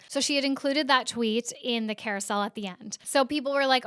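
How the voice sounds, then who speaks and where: A woman's voice: a little high, normal speed, hardly any pauses, pushed and bright, smooth, no room sound, clean studio sound. A woman hosting a podcast, recapping internet news in a casual, chatty way full of "like" fillers. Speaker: podcast host.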